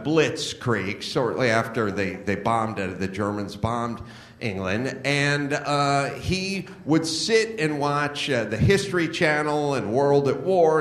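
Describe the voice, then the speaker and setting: With a fairly high pitch and a fairly bright tone, this middle-aged man hosts a comedy podcast at a live show venue. He rants bluntly, swearing and mocking for the audience, and the recording carries the room's echo.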